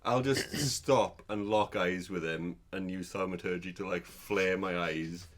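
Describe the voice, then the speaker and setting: A man playing a tabletop game, making short, measured remarks in casual chat. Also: sits low. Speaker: player.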